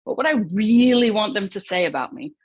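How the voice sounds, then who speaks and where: A woman delivers a motivational keynote in an earnest, reflective voice. Her pitch sits in an ordinary middle range. The sound is dry and close, with no room around it. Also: animated, brisk, slightly rough, no room sound. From United States. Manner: earnest, reflective storytelling with rhetorical questions. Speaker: conference speaker, former footballer.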